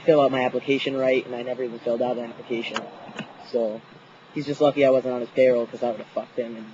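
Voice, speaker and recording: A man's voice: mid-range voice, darkish tone, muffled recording, a little hiss or hum. A young man telling a story outdoors in a casual, profane vlog, laughing often. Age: young adult. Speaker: vlogger.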